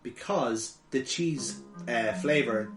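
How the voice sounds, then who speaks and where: A young man co-hosting a game playthrough, joking and swearing, now and then shouting or laughing. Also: medium pitch, takes it slowly. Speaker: let's play co-host. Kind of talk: casual gaming commentary. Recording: roomy recording with music behind.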